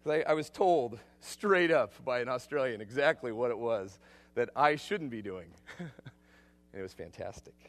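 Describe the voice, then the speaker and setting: A man preaching a sermon as a missionary, emphatic and energetic, swinging between loud bursts and quiet asides. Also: medium pitch, unhurried.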